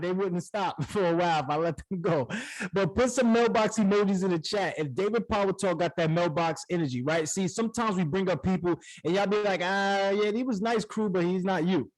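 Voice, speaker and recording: Call host, male, high voice, loud casual hype energy. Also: poor audio. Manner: excited, hyping the audience, casual slang. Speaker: host of a community accountability call. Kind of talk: hype-style hosting on an online group call. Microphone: online call microphone.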